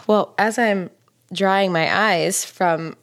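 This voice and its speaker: A woman co-hosting a casual chat podcast, gushing and excitable, quick to swoon over what she sees. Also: medium pitch, no room sound. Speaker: podcast co-host.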